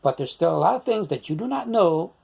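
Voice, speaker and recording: An older Italian American man in his sixties speaks straight to the camera in a rambling, insistent monologue. His voice is dark, gravelly and husky, and he pushes his points with combative repetition. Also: high-pitched, lively intonation, fairly quick. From United States. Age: 60s. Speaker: video blogger.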